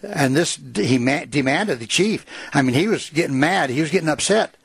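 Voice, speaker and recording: Husky man retelling a frontier tale. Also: a little high, animated, moderate pace, fairly bright tone, no echo. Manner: reads a passage aloud with asides, fillers and small laughs. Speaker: storyteller. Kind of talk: casual retelling of a written history.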